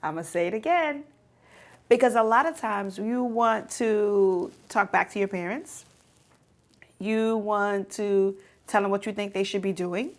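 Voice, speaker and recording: A woman's voice: medium pitch, unhurried. A woman teaching a youth church lesson, speaking directly to teens and repeating her key points for emphasis.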